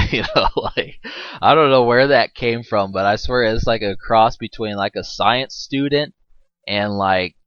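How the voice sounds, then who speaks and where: A man's voice: lowish voice, measured pace, fairly bright tone, clean tone, dry recording, highs cut off. A man giving a rambling, casual movie commentary, full of fillers and restarts and laughing often, swearing now and then.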